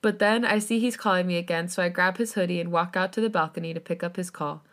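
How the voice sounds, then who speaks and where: A woman's voice: on the low side, fast talker, fairly bright tone. A woman podcast host reading fan fiction aloud in plain first-person narration, with casual asides.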